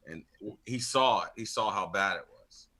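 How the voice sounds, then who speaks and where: Casting: man with a low, bright voice for a loose, profane podcast storyteller. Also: normal speed. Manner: rambling storyteller, swears a lot, laughs often. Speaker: podcast panelist. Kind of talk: casual chat.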